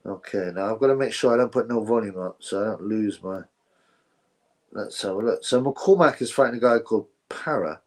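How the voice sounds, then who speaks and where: A man's voice: fairly low pitch, brisk. A man hosting a casual livestream, rambling sarcastically and answering chat messages. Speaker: livestream host.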